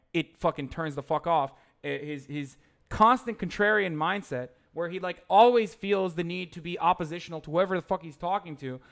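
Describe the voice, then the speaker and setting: A man's voice: on the high side, fairly bright tone. A young man streaming live, reading chat aloud and ranting in a heated, profane, rambling way with frequent restarts. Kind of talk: livestream reading chat and commenting.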